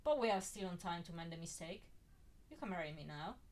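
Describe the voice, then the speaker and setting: A confused, gentle man in denial speaks in an audiobook-style fan fiction reading, his pitch swinging widely from line to line. A woman reads him aloud. He sounds soft rather than forceful. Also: lively intonation, a little fast. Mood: playful.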